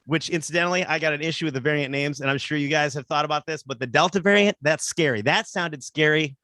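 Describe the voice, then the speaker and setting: Bright, rambling male comedian. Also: fairly high pitch, fast, few pauses, dry recording. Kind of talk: stand-up comedy.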